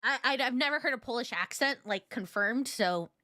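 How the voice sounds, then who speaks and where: A woman's voice: a little high, animated, moderate pace, bright, forceful tone, dry recording, clean studio sound. A woman streamer chatting casually with her viewers, giggly and rambling, with lots of fillers. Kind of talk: casual reaction chat.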